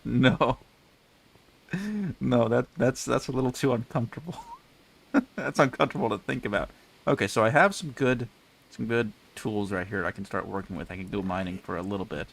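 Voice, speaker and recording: A man's voice: mid-range voice, fairly quick, creaky. A man casually rambling through live gameplay commentary, chatty and self-mocking, speaking into a desk mic with a pop filter. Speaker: game streamer.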